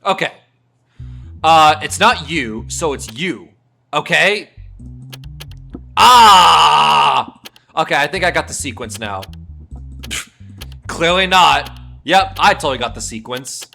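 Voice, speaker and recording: Lively bright-voiced male gamer. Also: fairly high pitch, unhurried, pauses often, faint music behind. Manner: excitable, swears, jokey. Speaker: gaming streamer. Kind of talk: let's-play commentary.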